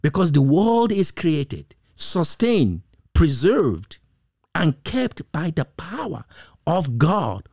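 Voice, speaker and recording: A man's voice: a little high, huge pitch swings, takes it slowly, creaky, a little mellow, breathy edge. A man preaching a sermon, stretching out key words and firing off rhetorical questions. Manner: emphatic, repetitive rhetorical questions, occasional laughs.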